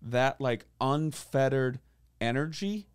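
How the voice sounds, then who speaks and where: A man co-hosting a podcast, talking in an excitable, animated way with lots of fillers. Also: mid-range voice, takes it slowly, smooth. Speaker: podcast co-host. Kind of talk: casual podcast chat.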